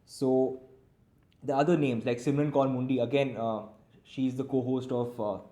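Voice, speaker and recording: A man's voice: medium pitch, fairly even intonation, moderate pace, warm tone. Man musing in an echoey room. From India. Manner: rambling, many "uh" fillers and restarts. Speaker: basketball commentator and channel host. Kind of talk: casual solo commentary.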